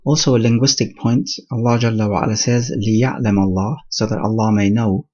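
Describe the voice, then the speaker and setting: A man teaching the meaning of Quran verses in English, speaking slowly in short phrases and reciting the Arabic between his explanations. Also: mid-range voice, fairly even intonation, mellow, breathy edge, highs cut off.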